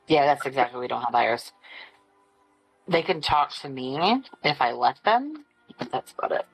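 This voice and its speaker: A woman plays in a tabletop game, thinking aloud as she talks. Her voice is low and husky, with faint music behind her. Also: expressive, moderate pace, low-quality recording. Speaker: player. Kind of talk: casual tabletop play.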